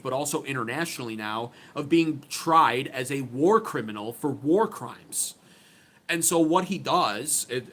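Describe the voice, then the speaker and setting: A man's voice: medium pitch, fairly bright tone, a little hiss or hum. A man hosting his own channel, giving opinionated political commentary in an emphatic, sarcastic way, often restarting his sentences. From United States.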